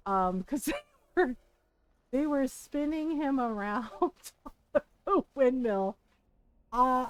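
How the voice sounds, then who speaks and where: Woman, game streamer, high voice, giggly, rambling, casual commentary, dry close sound. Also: dry recording, low-quality recording. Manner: rambling and giggly, full of "like" and "right?".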